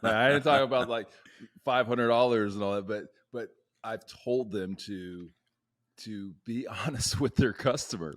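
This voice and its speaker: A man's voice: lowish voice, measured pace. A man hosting a sales podcast, asking his guest for a story in a playful, chatty way. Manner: playful, laughs often. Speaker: podcast host. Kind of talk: casual podcast interview.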